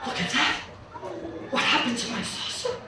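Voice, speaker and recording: A woman's voice: huge pitch swings, moderate pace, noisy background. Woman playing a giddy greedy king, echoing from afar. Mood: delighted. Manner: exclaiming, wonderstruck, theatrical. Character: greedy, giddy king, middle-aged man. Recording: booming echo, mic far off.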